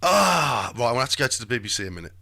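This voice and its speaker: A man's voice: medium pitch, sing-song, very fast, pushed and bright. A man hosting a live stream, chatting and muttering to himself in rambling commentary. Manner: chatty, talks to himself while searching.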